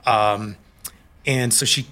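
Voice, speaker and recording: Candid middle-aged man, bright forceful voice. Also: fairly low pitch, fairly even intonation. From Colorado, US. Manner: candid, halting storytelling. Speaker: guest. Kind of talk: personal recovery story in an interview.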